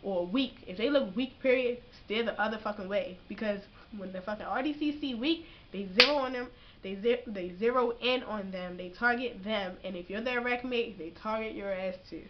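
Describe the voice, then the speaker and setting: Young woman, casual vlogger; profane, slangy, animated; dull lo-fi audio. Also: medium pitch, moderate pace, a little hiss or hum. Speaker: vlogger giving boot camp advice. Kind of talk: casual advice vlog.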